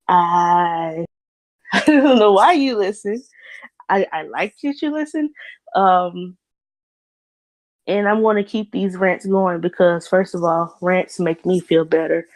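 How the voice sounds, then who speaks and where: Solo podcast host, woman, mid-pitch, opinionated and rambling, curses freely. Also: a little mellow, low-quality recording. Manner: blunt, opinionated, rambling with restarts and swearing. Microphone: computer mic via voice chat recording bot.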